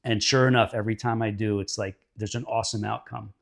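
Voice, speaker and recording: A man hosting a podcast, asking questions in a relaxed, conversational way. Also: lowish voice, fast, vocal fry. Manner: relaxed, conversational, filler-heavy. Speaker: podcast host. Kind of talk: casual interview talk.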